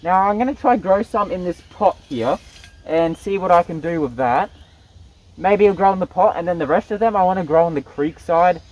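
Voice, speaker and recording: Giggly young man, high voice. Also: expressive, normal speed, darkish tone, rough recording. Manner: giggly, laughs often between phrases. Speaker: vlogger. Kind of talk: casual outdoor gardening vlog. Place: outdoors in the bush by a creek.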